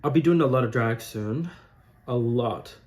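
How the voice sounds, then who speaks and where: A campy young man talks through his makeup in a relaxed, rambling way, tossing out gossipy asides as he goes. His voice sits in an ordinary middle register. A faint hiss of noise hangs under him. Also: mid-range voice, measured pace. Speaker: drag queen makeup tutorial host. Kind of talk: casual chatty talk while doing makeup. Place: warm room at home.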